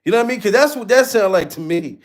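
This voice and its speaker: Man, high voice, livestream host, slangy casual talk, laughs a lot. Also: expressive, fast talker. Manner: laughs often, slangy, loose and chatty. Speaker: livestream host reading chat.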